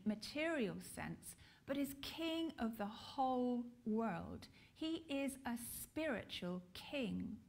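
A woman with a British accent preaching a sermon, slow and deliberate with emphatic pauses. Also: fairly high pitch.

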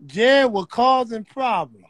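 A man's voice: extremely high pitch, slow pace, a bit bright, no room sound, full character voice. A man doing a sly older uncle type. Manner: sly, playful, sing-song teasing.

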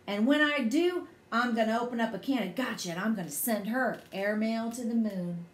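A woman voicing a hot-tempered little farm girl who shouts indignant threats. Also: fairly high pitch, slight background noise, close to an everyday voice. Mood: fuming. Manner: loud, indignant, rushing threats. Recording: echoey room.

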